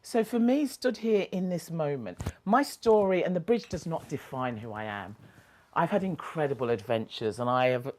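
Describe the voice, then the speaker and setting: A woman giving a personal storytelling talk as a motivational speaker. Her voice sits fairly low but swings widely in pitch. She shifts between hushed reflection and bright, laughing animation. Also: lively intonation, moderate pace.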